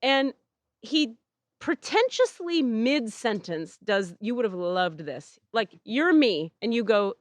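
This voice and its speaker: Animated storytelling woman, dry close sound. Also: on the high side, slow pace, no echo. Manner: animated, acts out quotes, swears freely. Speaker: podcast host. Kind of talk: casual storytelling chat. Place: outdoors in a back yard.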